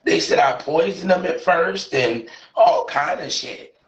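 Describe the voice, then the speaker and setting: A man's voice: fairly high pitch, measured pace. A man speaking bluntly and with plenty of cursing in a casual chat. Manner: blunt and profane, animated. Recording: roomy, dull, slightly noisy.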